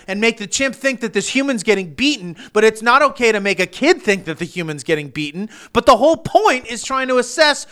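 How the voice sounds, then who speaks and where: A man's voice: very high-pitched, animated, brisk, hardly any pauses, fairly bright tone. A man co-hosting a comedy podcast, ranting with constant swearing and restarts. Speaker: podcast co-host. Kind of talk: profane comedic podcast rant.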